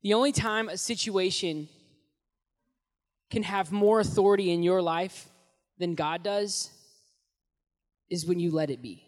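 A young man preaching as a youth pastor, telling the story in an animated, casual way with slang, swinging between loud and hushed, in a large hall. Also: high voice, measured pace, long pauses. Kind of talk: sermon. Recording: long echoey hall reverb.

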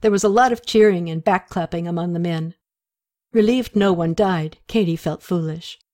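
A woman narrating an audiobook chapter with steady, expressive storytelling. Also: on the low side, moderate pace.

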